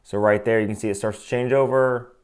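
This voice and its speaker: A man's voice: on the low side, fairly even intonation, a little fast, clean tone. Male host of a watch review channel, casual and opinionated, speaks into a desk microphone. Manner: opinionated, conversational, frequent asides.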